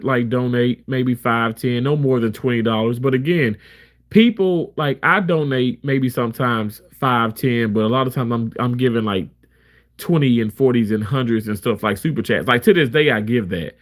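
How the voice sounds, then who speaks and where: A man's voice: mid-range voice, moderate pace. Some streamer guy ranting to his viewers, real candid, keeps restarting sentences. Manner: candid, emphatic, frequent restarts. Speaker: live streamer. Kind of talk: casual storytelling rant.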